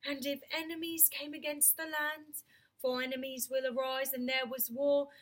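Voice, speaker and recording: A woman reading aloud, voicing a majestic male lion king in a slow, grave, commanding way. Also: sits high, level tone, fairly bright tone. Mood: solemn.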